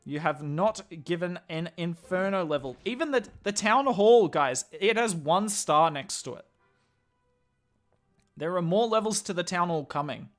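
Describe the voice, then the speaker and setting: An Australian man chatting casually on a live game stream, answering viewers' questions and thinking out loud. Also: high voice, animated, a little slow, soft background music.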